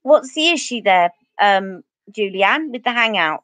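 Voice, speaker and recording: A woman's voice: medium pitch, animated, measured pace, fairly bright tone, no room sound. A woman with an Essex accent chatting through a live makeup tutorial, answering viewer comments as she goes. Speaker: beauty vlogger.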